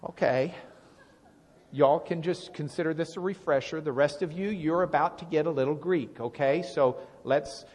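A man giving Bible teaching to a congregation, explaining with lively questions to the room. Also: fairly high pitch, normal speed. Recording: long reverb of a large hall.

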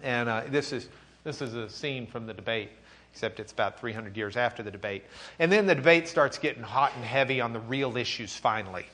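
A man teaching an animated classroom lecture in a conversational, lively way, acting out quotes. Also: medium pitch, brisk.

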